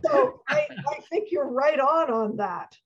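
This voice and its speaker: A woman guest, a coach, chatting in an animated way. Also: high voice, slow, dull audio. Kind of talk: casual conversation.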